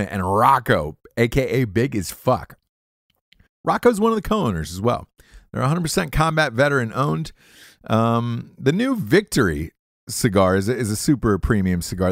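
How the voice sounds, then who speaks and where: Profane, lively-voiced podcast host. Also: male voice, on the low side, no room sound, clean studio sound. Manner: profane, rambling, jokey riffs. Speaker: podcast host reading ads. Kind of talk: crude comedic ad read.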